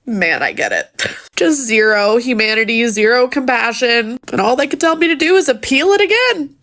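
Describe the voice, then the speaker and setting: A woman's voice: a little high, very animated, moderate pace, fairly bright tone. A woman and new mother venting bitterly in a selfie phone video. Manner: bitter, exasperated.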